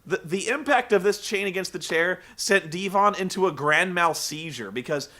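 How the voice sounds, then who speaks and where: A man casually recapping a wrestling show, rambling and profane, telling the story with animated energy. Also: high voice, moderate pace.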